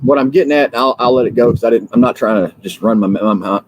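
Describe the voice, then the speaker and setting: Husky man, just woken up, rambling political livestream rant, fiery and repetitive, lots of fillers, mid-pitched voice. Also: fast, poor audio. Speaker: livestream host.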